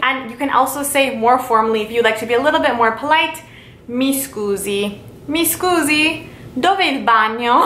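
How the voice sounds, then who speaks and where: A woman giving a casual video language lesson, chatty and friendly, repeating phrases slowly and carefully. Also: fairly high pitch, pushed and bright, a little hiss or hum. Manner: slow, careful repetition of phrases. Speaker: language teacher. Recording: roomy echo.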